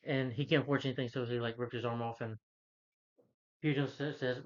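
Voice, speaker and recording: A man retells a film's story in loose, casual talk, stumbling over names and correcting himself. His voice sits at an ordinary middle pitch. The recording sounds muffled and lo-fi. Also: steady tone, a little fast, long pauses. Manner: rambling, many fillers and self-corrections. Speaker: film reviewer. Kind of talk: casual movie plot recap.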